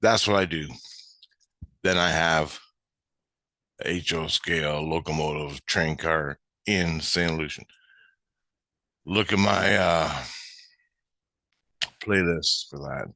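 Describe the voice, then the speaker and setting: Slow, deep-voiced rambling man. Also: bright, forceful tone, no room sound. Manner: meandering, casual, swears freely. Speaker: vlogger. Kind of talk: rambling spiritual storytelling.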